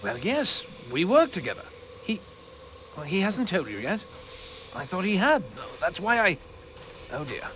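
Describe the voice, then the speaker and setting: A flustered, high-voiced train passenger. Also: male voice, sing-song, a little slow, long pauses, a bit bright, slight background noise, heavily acted. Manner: flustered, trailing off. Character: nervous, gentle man who shares a compartment and works with a friend. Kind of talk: voice acting in a video game.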